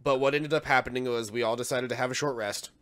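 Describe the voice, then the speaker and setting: Male dungeon master, mid-pitched, jokey, laughs a lot while recapping. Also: fairly even intonation, fast talker, a bit bright, smooth. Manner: joking, laughs often. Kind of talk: running a tabletop game session.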